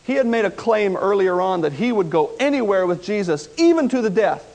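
Man, high voice, sermon, animated storytelling, loud to hushed. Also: brisk. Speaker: preacher.

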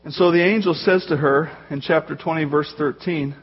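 A man preaching a sermon as pastor, telling the story in a lively way and acting out the voices in the quotes. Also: fairly high pitch, normal speed, dull audio, slight background noise.

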